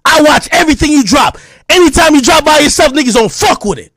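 A man with a podcast delivering an aggressive, profane callout, taunting and often shouting. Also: very high-pitched, lively intonation, quick pace, gravelly, no echo, studio quality. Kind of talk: heated callout rant to camera.

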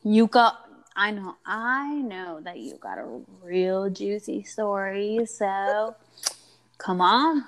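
A woman talks in an easy, unhurried way, laid-back and a little teasing, in a casual chat between friends. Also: medium pitch, expressive.

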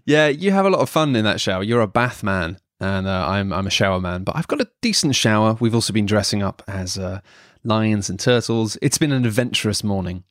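A man's voice: on the low side, lively intonation, brisk, fairly bright tone, dry recording, clean studio sound. A man, co-hosting a casual board game podcast in a joking, playful way. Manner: playful, jokey, self-mocking, switches to a mock radio voice. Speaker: podcast host.

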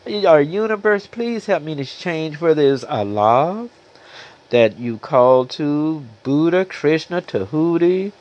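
A man preaching a sermon, now and then clearing his throat and singing slow gospel lines. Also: fairly high pitch, dull audio. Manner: preaching, breaks into slow gospel singing, calls listeners beloveds. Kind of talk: sermon with sung gospel passages.

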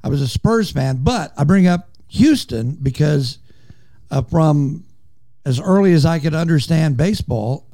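An older man co-hosting a podcast, a former sports reporter, talking in a reflective, drawn-out way. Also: on the high side, animated, dark tone, dry recording. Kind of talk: casual interview.

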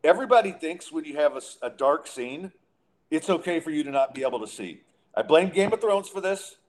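A man's voice: fairly high pitch, lively intonation, brisk. A man hosting a casual podcast, ranting in an exasperated way with frequent restarts. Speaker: podcast host. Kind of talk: casual chat and rant.

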